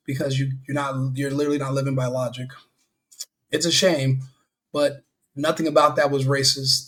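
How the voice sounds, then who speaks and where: Angry ranting man, fairly high voice. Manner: heated, repetitive, scornful. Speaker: commentary video host. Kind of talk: angry opinion rant.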